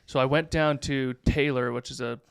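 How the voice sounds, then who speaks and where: Gravelly, smooth-voiced man telling a story. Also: medium pitch, moderate pace, dry recording, clean studio sound. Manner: animated storyteller, many fillers. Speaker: pastor. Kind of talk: casual podcast storytelling.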